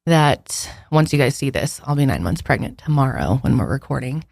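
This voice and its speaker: A woman's voice: rumbling low, sing-song, moderate pace, vocal fry, darkish tone, no echo, clean studio sound. A woman in her thirties co-hosting a podcast in casual chat, short of breath as she talks, chatty and upbeat but tired. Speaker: podcast co-host.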